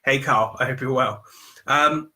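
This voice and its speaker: A man's voice: medium pitch, a little slow, sharp tone. A man coaching on mindset in a live stream talk, emphatic and repetitive as he preaches self-affirmation.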